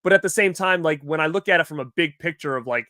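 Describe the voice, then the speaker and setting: A man with a bright, forceful voice, pitched a little high, spinning a casual story for his co-host. He acts out both sides of the conversation in quick quoted bits, peppering it with filler words. The sound is close and dry, with no room around it. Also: dry recording. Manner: animated retelling with acted-out quotes, heavy "like" fillers.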